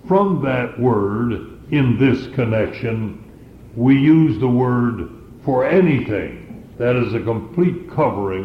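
A man preaching a sermon, teaching scripture in a slow, deliberate way. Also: medium pitch, echoey room, muffled recording, a little hiss or hum.

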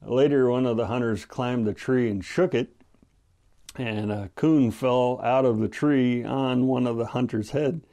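A man preaching a radio Bible study with a gravelly, mellow voice. He talks in an earnest, measured way, pausing often as he explains scripture. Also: mid-range voice. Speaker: pastor.

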